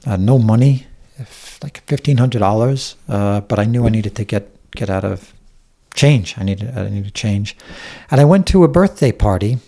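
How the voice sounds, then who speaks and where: A man from Staten Island, New York, appears as a guest on a casual podcast interview, speaking bluntly and candidly and swearing often. His voice is lowish and mellow, expressive, at a normal speed.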